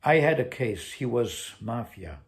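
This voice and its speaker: A man's voice: mid-range voice, very animated, a little slow, creaky. A man reading a short story aloud, voicing an exiled Colombian ex-lawyer turned cleaner who speaks blunt, broken English with a Spanish accent. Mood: confiding.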